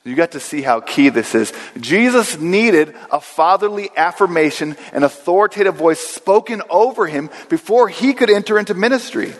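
A man preaching a sermon in a church, earnest and steady, slowing down and repeating key phrases for weight. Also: high-pitched. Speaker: pastor. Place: church sanctuary. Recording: long hall reverb.

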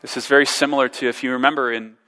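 A man's voice: mid-range voice, fairly even intonation, racing, pushed and bright. Earnest man preaching in a reverberant hall. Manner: earnest, rhetorical questions, repeats words. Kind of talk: sermon.

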